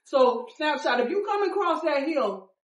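A woman biker recounts her road trip to a small group, dramatic and full of acted-out quotes, dropping from loud to hushed. She sits at a distance from the mic, and the room rings around her. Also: high-pitched, lively intonation, moderate pace, reverberant. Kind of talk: animated storytelling in a group interview.

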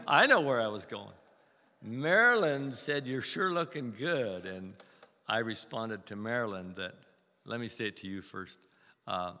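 Folksy old guy preaching, gravelly, big echoey church room. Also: on the low side, pushed and bright. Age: 70s. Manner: chatty, folksy storytelling. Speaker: guest preacher. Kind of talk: anecdotal sermon. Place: church sanctuary.

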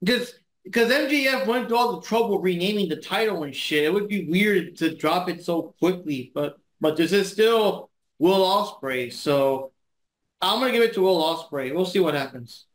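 High-voiced man chatting in an echoey room. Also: animated, normal speed. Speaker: podcast co-host. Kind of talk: casual chat. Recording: roomy echo.

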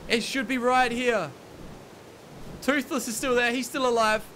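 A man's voice: very high voice, steady tone, unhurried, sharp tone, slight background noise. A young man commentating his survival game, panicked and exasperated, repeating himself. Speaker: gaming YouTuber. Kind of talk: let's play commentary.

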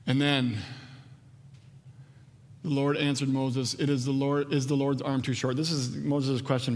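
A pastor preaching a conversational sermon, animated when acting out quotes. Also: male voice, fairly high pitch, normal speed. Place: church sanctuary. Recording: long church reverb.

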